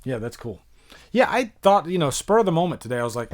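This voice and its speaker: A man's voice: on the high side, big pitch swings, fast, a little mellow. A man from the United States hosting a casual live-stream Q&A, chatty and rambling as he answers viewers. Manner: rambling and chatty, many fillers, reads out viewer questions. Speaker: YouTube horror movie reviewer, live stream host.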